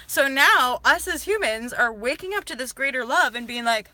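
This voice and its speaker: A woman vlogging to her viewers about spirituality, talking emphatically and swearing freely, swinging between soft and fired-up. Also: sits high, lively intonation, normal speed, no room sound. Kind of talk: casual monologue to viewers.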